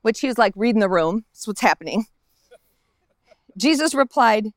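A woman pastor preaching in a casual, conversational way, slipping into the voices of the people in the story. Her voice sits high, and the sound is close and dry, with little echo around it. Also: animated, normal speed, long pauses. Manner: conversational, acts out the Bible characters' lines. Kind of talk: sermon. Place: outdoors in a park.

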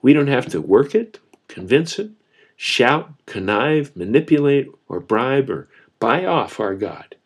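A man's voice: mid-range voice, expressive, a little slow, slightly rough. A man preaching a sermon as a pastor, earnest and repeating key phrases for emphasis.

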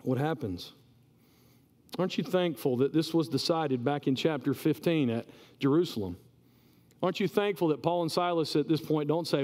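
A male pastor giving a sermon in a conversational, animated way, often repeating words as he goes. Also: fairly high pitch, moderate pace. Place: church. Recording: reverberant church hall.

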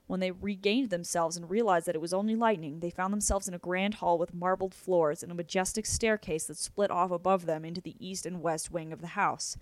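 A woman narrating a novel aloud in a steady, even storytelling manner. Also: fairly low pitch, brisk, hardly any pauses, no echo. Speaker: audiobook narrator.

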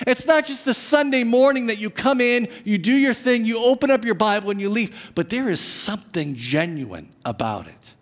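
A high-pitched man preaching a Sunday sermon. He moves between loud bursts of emphasis and soft, stretched-out phrases, and his voice rings with the long reverb of a church hall. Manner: animated preaching, swinging between loud emphasis and hushed, drawn-out lines. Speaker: pastor. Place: church sanctuary.

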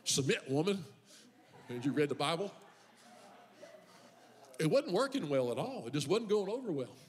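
A man's voice: on the high side, big pitch swings, normal speed, a little mellow. A male pastor preaching a sermon in church. He mixes humorous personal stories with impassioned refrains that build in force. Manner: humorous storytelling about his own life.

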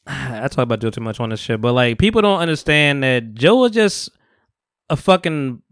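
A man's voice: mid-range voice, big pitch swings, moderate pace, no echo, studio quality. A man co-hosting a podcast in casual chat, talkative and hedging, often stumbling over his words and laughing. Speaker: podcast co-host.

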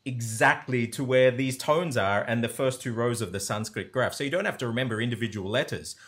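A man's voice: medium pitch, fairly quick, fairly bright tone. A man teaching language sounds in a conversational, enthusiastic way, often voicing sample syllables to demonstrate. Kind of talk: conversational explanation.

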